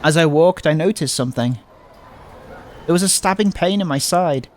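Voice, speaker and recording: A man's voice: on the high side, normal speed, slight background noise. Anxious man reading a visual novel. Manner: anxious, panicky narration with stumbles. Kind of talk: dramatic read-aloud of a game.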